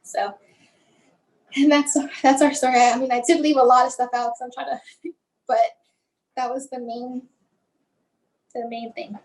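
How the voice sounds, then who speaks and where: Brief: high-pitched woman in her 40s, interview guest, soft-spoken and emotional, halting delivery. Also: flat delivery, poor audio. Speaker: bereaved mother, guest. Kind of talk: personal storytelling in an interview.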